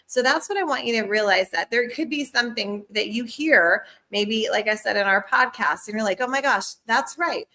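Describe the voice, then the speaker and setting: Bright, upbeat woman giving sales training. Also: medium pitch, moderate pace, few pauses. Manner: upbeat, chatty, laughs often. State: coughing. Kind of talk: live-streamed training talk.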